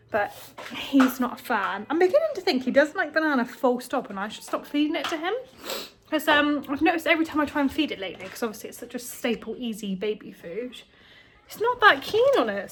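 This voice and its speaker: Tired, chatty mum vlogging. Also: female voice, sits high, background noise. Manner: rambling, chatty, with many ums. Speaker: homemaker vlogger, mother. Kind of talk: casual vlog chat. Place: at home.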